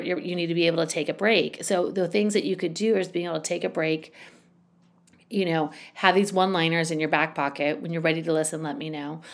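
A middle-aged woman hosting a podcast, giving casual parenting advice in a chatty way full of "you know" and "like". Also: lowish voice. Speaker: parenting podcast host and school educator.

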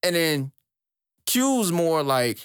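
Young male co-host, animated and profane, quick pitch jumps when quoting himself, dry close mic. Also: clear, resonant tone, no room sound. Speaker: podcast co-host. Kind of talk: casual chat about music.

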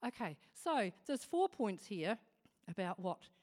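Animated New woman giving a devotional. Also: medium pitch, a little slow. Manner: chatty and animated, with humorous asides. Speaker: devotional speaker. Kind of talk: informal devotional talk.

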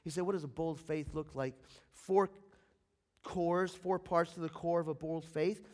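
A man preaching a sermon as pastor, swinging between loud emphatic bursts and quiet, low passages. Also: steady tone, measured pace. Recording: long hall reverb.

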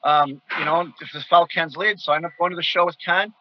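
Man, from Wisconsin, casual storyteller, animated, slightly high voice, muffled audio. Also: fast talker, no echo. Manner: animated, acts out quoted voices loudly. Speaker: guest wrestler telling stories.

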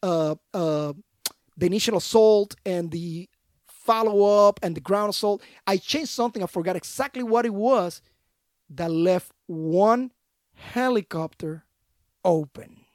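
A man, a podcast guest and army veteran, telling stories in a casual, slangy, animated way in a studio. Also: high voice, a little slow, no echo. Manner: animated, slangy, acts out other voices. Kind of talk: casual storytelling.

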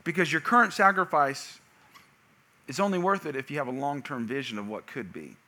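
A man in his thirties preaching a sermon, telling lively stories about his kids and shouting the punchlines. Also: a little high, a little fast. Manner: energetic storytelling, shouting punchlines. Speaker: pastor.

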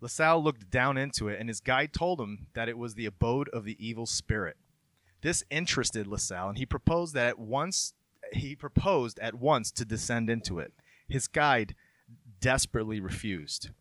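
Male host, mid pitch, relaxed storyteller, reads aloud between chat, dry recording. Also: normal speed, no room sound. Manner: loose, conversational storytelling that drifts into reading aloud. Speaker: podcast host telling a local legend.

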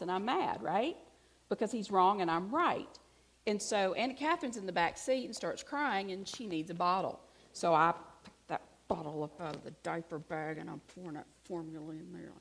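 Lower-voiced Southern woman preaching. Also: lively intonation, normal speed, gravelly, slightly rough. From Alabama. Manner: conversational, self-deprecating storytelling with dramatic hushed asides. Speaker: pastor. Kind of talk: sermon.

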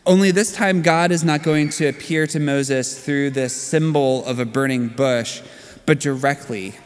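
Man in his 30s, pastor giving a sermon, conversational storyteller, mid-pitched voice, long church reverb. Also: unhurried.

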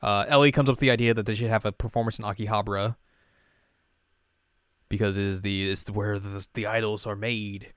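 A young man co-hosting a casual podcast, recapping an anime in a rambling, animated way and now and then jumping into high character voices. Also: a little fast, smooth, dry recording, clean studio sound. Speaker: podcast co-host.

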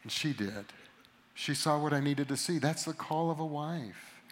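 A middle-aged man giving a sermon to a live audience, telling a story about himself with animated, self-mocking humor. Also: on the high side, normal speed, a little hiss or hum. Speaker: pastor or conference speaker.

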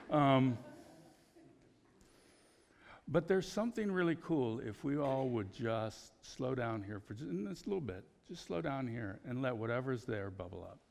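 A man preaching a conversational sermon as pastor, telling personal stories in an animated way. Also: medium pitch, creaky, in a large hall.

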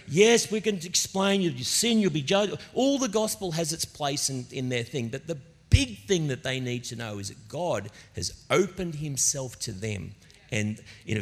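A middle-aged man preaching a sermon as a pastor, telling stories in an animated, conversational way. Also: medium pitch, creaky. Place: church auditorium. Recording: long reverb of a church hall.

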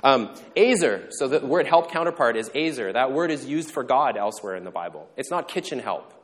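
A male pastor giving a conversational sermon, joking in quick asides and checking in with the congregation. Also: medium pitch, lively intonation, fairly bright tone. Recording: long reverb in a large hall.

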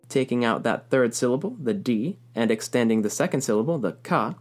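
A man narrates a recorded music lesson at an ordinary mid pitch. He explains patiently and speaks the rhythms aloud as he goes. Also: expressive, fairly quick, hardly any pauses. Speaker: music teacher.

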